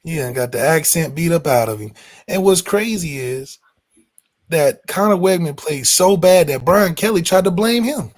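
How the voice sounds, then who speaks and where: Emphatic, fairly high-voiced sports host. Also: male voice, moderate pace. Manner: emphatic, animated, slangy. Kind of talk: casual sports talk.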